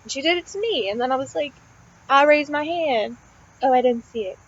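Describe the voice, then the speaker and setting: A young woman with a fairly high voice rants about her day in a loose, rambling way. She peppers her talk with swearing and "like". The recording sounds a little dull and lo-fi. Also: expressive, a little fast. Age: young adult. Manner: rambling, swears often, heavy use of "like" and fillers. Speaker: college student vlogger. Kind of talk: casual venting monologue.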